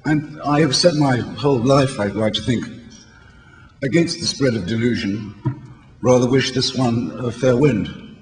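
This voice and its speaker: In a large hall, an Englishman in his sixties addresses a convention audience with an eloquent, wry, polemical speech in British English. His mid-range voice moves at a measured pace but sounds hoarse and failing. The hall is reverberant, with faint background noise.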